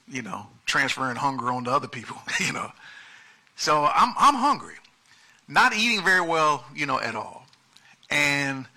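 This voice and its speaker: Bright, animated man preaching. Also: a little high. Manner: animated preaching, swings from soft asides to loud emphasis. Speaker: pastor. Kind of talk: sermon.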